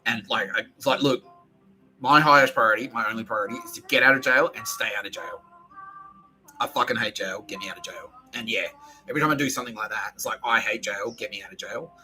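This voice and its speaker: A man's voice: mid-range voice, fast, bright, forceful tone, faint music behind, low-quality recording. A man podcasting alone in a rambling, profane monologue that often restarts its sentences.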